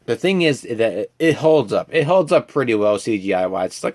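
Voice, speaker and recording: Twenties male film reviewer, animated and talky, very expressive pitch. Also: a little fast. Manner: animated and chatty, full of fillers and asides. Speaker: movie reviewer.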